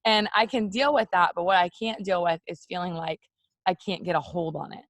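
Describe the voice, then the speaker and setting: A woman talking straight to her viewers in a casual, heartfelt morning video. Her voice has a gravelly vocal fry, and the sound is dry and close with no room echo. She fills her talk with "like" and "you know" as she confides. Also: lowish voice, brisk, a bit bright. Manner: open, confiding, many "like" and "you know" fillers. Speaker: host of a morning live video for women.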